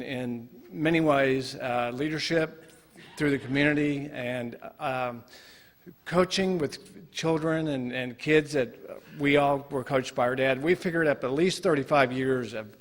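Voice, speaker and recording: A man from Oklahoma giving an earnest, reminiscing tribute speech about his late father at an induction ceremony. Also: mid-range voice. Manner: earnest, reminiscing, some hesitation. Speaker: son giving a family tribute. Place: ceremony hall. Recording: long reverb of a hall.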